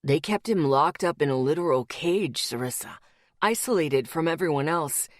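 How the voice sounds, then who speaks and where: A gruff, guarded young werewolf man, as a woman narrator puts him on, speaking low and clipped with a growl behind the words. His voice sits deep for her, recorded close and dry for an audiobook. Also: expressive, normal speed, no echo. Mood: bitter. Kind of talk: audiobook character voice.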